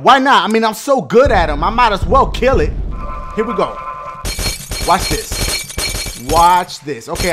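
A man giving loud, profane commentary while he plays a video game, often yelling at what happens on screen. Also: high-pitched. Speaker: gaming YouTuber. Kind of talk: gameplay commentary.

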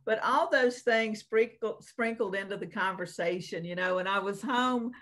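A woman from Virginia / North Carolina co-hosts a casual chat, telling folksy stories packed with fillers. She speaks at a normal speed in a mid-range, fairly bright voice.

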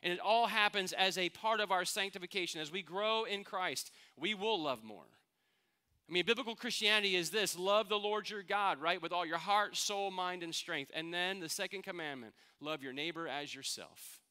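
A man's voice: high voice, moderate pace, bright, forceful tone, smooth. A middle-aged man, a pastor, preaching a sermon in an earnest, conversational way, asking his listeners questions.

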